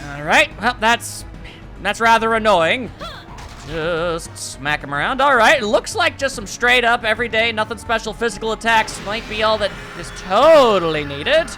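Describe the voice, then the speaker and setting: This let's play commentator has a voice that sits high, expressive and bright, with a forceful tone at normal speed. He chats wryly over the game, reading out its dialogue, and faint game music can be heard behind him.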